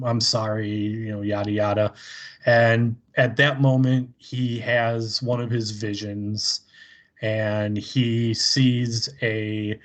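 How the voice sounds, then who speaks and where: Male podcast co-host, unhurried, rambly, laughs a lot. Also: on the low side. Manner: rambling, laughs often, many fillers. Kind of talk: casual chat recapping an episode.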